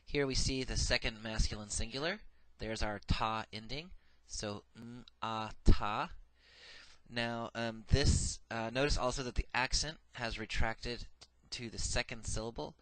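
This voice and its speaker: An unhurried man with a medium-pitched, slightly bright voice records a Hebrew grammar lecture with no room sound. He goes step by step with patience, repeats each form twice, and often says "uh."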